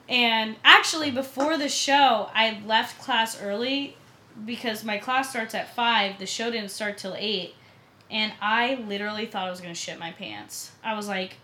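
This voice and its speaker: Bright, giggly young woman in echoey room. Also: a little high, normal speed, slight background noise. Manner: giggly, swearing storyteller. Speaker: guest. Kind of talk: casual chat.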